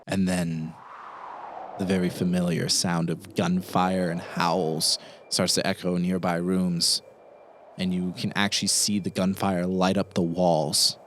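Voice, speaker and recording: A man running a tabletop horror game, narrating scenes quickly and vividly. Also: low voice, level tone, a little hiss or hum. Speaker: game master.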